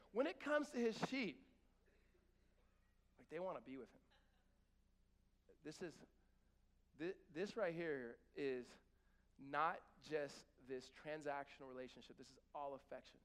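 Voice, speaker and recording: A man's voice: fairly high pitch, in a large hall. A middle-aged man preaching a sermon in church, talking in a conversational way and acting out little scenes. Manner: conversational, animated storytelling with acted-out voices. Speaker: pastor.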